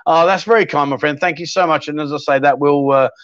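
A middle-aged man runs a livestream in a slightly high voice. He rambles in a friendly way and picks up viewers' comments as they come in. The sound is dry and slightly dull. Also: fast, fairly bright tone, dry recording. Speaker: livestream host. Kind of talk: casual livestream chat.

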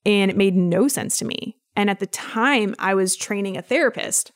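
A woman's voice: medium pitch, normal speed. A woman, a personal trainer, telling a personal story as a podcast guest, acting out the voices of people she quotes. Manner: lively storyteller who acts out quoted dialogue. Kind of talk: casual storytelling interview.

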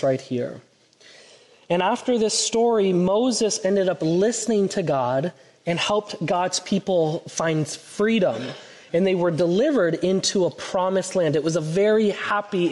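A pastor reading a Bible storybook to children during a church service, speaking gently and encouragingly. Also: male voice, high-pitched. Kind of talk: children's story time and sermon. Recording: reverberant church hall.

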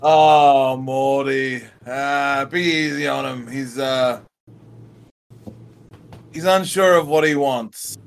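A man's voice: medium pitch, takes it slowly, long pauses, smooth. A man voicing a chatty male parakeet with an Australian accent, rambling in slang and calling everyone mate. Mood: scolding. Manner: rambling, slangy, scolding, says mate a lot.

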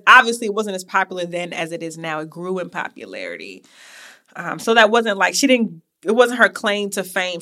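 Young woman podcast host, bright tone, casual digressive storyteller. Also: medium pitch. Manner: chatty, digressive, with asides to listeners.

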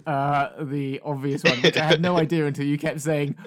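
A man casually hosting a party game, laughing often and tossing quick asides. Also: a little high, little pitch movement. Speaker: game host.

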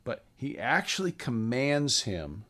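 A man's voice: mid-range voice, slow pace. A man co-hosting a casual Bible study, adding points and paraphrasing verses in plain everyday speech. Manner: enthusiastic, paraphrases in lively everyday phrases. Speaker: co-host.

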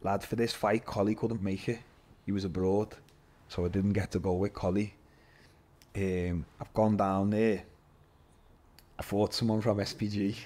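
A man, a guest telling his story in an animated, casual way, swearing and calling everyone lad. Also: fairly low pitch. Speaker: podcast guest, MMA fighter.

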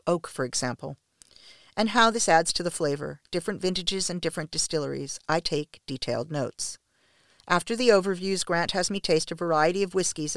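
A woman reading a first-person story aloud in a measured, even way. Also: lowish voice, no room sound, studio quality. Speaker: narrator.

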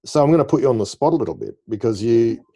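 A man's voice: mid-range voice, lively intonation, fast, dark tone, slightly rough. A man interviewing a guest, chatty and playful, telling anecdotes between questions. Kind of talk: interview conversation.

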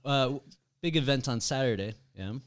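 A man's voice: mid-range voice, a little fast. Joking man hosting a casual podcast. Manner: joking, self-mocking storyteller. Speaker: podcast host.

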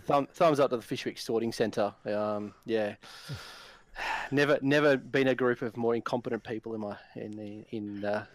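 A man's voice: mid-range voice, steady tone, normal speed, no echo. A man co-hosting a podcast, laid-back and grumbling, with plenty of ums. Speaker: podcast co-host. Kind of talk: casual podcast chat.

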